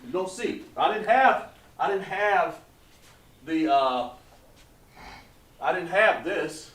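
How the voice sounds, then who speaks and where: Echoey teacher drilling pronunciations slowly. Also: male voice, high voice, expressive, fairly bright tone, far from the mic. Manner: patient, repeats points, drawn-out slow pronunciations. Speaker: Hebrew language teacher. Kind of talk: live online class teaching. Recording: echoey room, voice away from mic.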